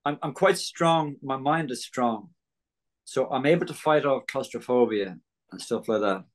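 A man's voice: medium pitch, moderate pace. An Irish man as an interview guest, giving an earnest testimony and acting out the voices of people in his story. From Ireland.

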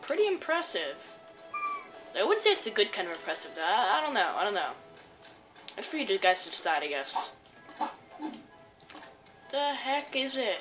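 This gaming YouTuber is a young woman giving casual let's-play commentary as she plays, rambling along and surprised at every turn. She talks fast in a mid-range voice with big swings in pitch, and game music plays behind her.

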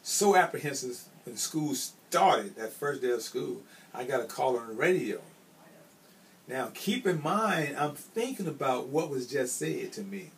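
A man's voice: mid-range voice, expressive, unhurried, creaky, fairly bright tone. Emphatic storyteller, a man from Chicago. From Chicago, United States. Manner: emphatic storyteller who repeats key phrases. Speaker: school administrator. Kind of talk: recounting personal career stories. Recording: slightly distant mic with faint ambient noise.

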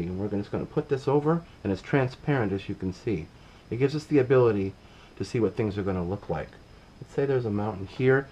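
A middle-aged man giving a casual painting demonstration, relaxed and talking while he works, often trailing off mid-sentence. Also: fairly low pitch, highs cut off, slight background noise. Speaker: painting instructor.

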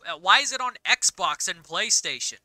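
A young woman hosting a gaming stream, chatting casually in a rambling, exasperated, quick-fire way over a voice chat mic. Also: medium pitch, lively intonation, sharp tone, dry recording, poor audio. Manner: rapid, rambling, exasperated ranting. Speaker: gaming channel host.

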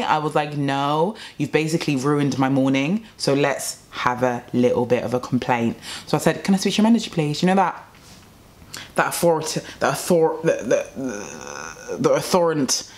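A young woman telling a rambling, exasperated story about a bad restaurant meal in a casual vlog. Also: a bass voice. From England. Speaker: vlogger.

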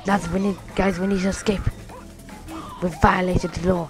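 A woman hosting a playful, excitable let's play, chatting to her viewers as she plays. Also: on the low side, moderate pace, loud music behind the voice. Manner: playful, excitable, talks to viewers as lads and guys. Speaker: gaming channel host.

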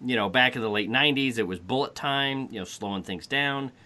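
A man hosting a casual podcast chat, wry and animated, often correcting himself mid-sentence. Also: medium pitch, brisk, a little hiss or hum. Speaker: podcast host.

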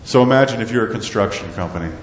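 A man preaching a sermon as pastor, animated and asking his congregation rhetorical questions. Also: on the low side, very fast, slight background noise. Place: church sanctuary. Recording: echoey church hall with long reverb.

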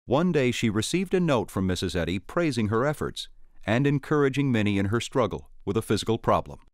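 A man giving scripted documentary narration in a clear storytelling manner. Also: on the low side, big pitch swings, brisk, no room sound, studio quality.

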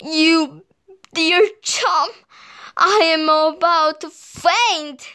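A woman's voice: high-pitched, drawn-out words, fairly bright tone, heavily acted. A woman voicing two lazy, pompous wolf brothers in a storybook, drawling and weary.

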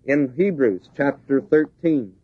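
A man's voice: medium pitch, lively intonation, slow pace, slightly rough, no room sound. A man preaching a sermon, driving his points home with repeated, rising emphasis. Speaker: pastor. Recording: dull lo-fi 1970s tape.

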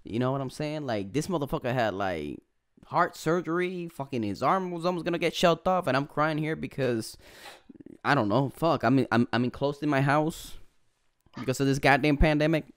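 A man's voice: mid-range voice, expressive, moderate pace, clear, resonant tone, no room sound, clean studio sound. A man hosting an interview podcast, chatting in a laid-back way, swearing often and laughing. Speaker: podcast host. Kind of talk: casual interview chat.

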